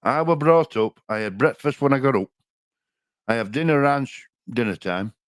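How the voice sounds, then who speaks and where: A man's voice: mid-range voice, lively intonation, normal speed, no room sound, studio quality. An older man with a Yorkshire accent, co-hosting a live stream in casual, homely chat and chuckling often. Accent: Yorkshire English. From Yorkshire, England. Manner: chatty, chuckling, homely, rambling. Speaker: livestream co-host.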